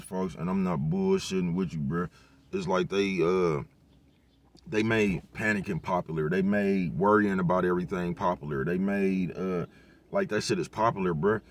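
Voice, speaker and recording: Dude talkin aave, chill and rambling, cussing a lot, kinda low voice, keeps checking you get him. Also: male voice, no room sound. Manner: laid-back, profane street talk, constant "you know what I'm talking about". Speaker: vlogger giving life advice. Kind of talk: casual motivational monologue.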